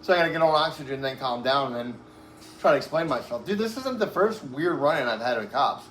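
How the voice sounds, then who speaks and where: A man's voice: medium pitch, lively intonation, fast, fairly bright tone. A man being interviewed, telling a long story in a rambling, profane way, full of "like" and "right?", and a bit short of breath. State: breathless, uses oxygen. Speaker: interview guest. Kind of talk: casual storytelling. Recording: echoey room with faint background noise.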